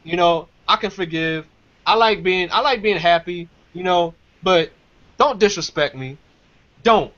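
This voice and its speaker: A man's voice: high voice, a little slow, fairly bright tone. A man telling a story in casual talk, emphatic and repeating his phrases. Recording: dull lo-fi sound.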